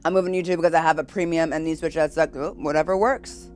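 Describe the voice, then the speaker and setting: A woman streamer chatting casually with her live viewers, giggly and bubbly, switching between loud excited greetings and quiet asides. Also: low-pitched, soft background music. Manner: bubbly, giggly, quick to laugh.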